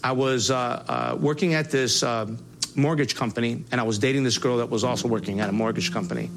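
A man giving a spoken personal testimony, halting and earnest, with many restarts and fillers. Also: mid-range voice, fairly even intonation, a little hiss or hum. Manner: voice rises sharply when reliving angry moments.

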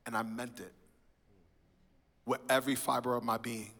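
A man's voice: mid-range voice, flat delivery, normal speed, a bit bright. A man from New York giving a sermon-style personal testimony in a church, telling his story with animation and acting out the voices of people in it. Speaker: speaker sharing his testimony. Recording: reverberant hall.

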